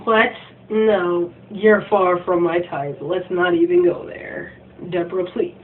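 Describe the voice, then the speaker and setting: A woman's voice: fairly low pitch, fairly even intonation, slow, distant mic. A woman quoting an annoyed teenage boy from a game in close to her own voice. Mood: irritated. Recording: tinny phone-like recording, faint hum.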